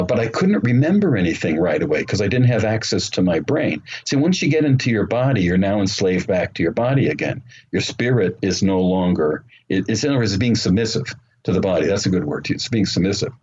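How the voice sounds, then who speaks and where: A man telling his story as an interview guest, earnest and unhurried, with frequent ums and uhs. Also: fairly low pitch, darkish tone, slightly rough. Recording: muffled remote call audio with faint noise.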